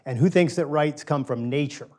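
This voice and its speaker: A man's voice: a little high, moderate pace, a little mellow. A middle-aged man giving a conversational lecture to a small group, polling the audience and repeating key phrases for emphasis. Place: small room with a live audience.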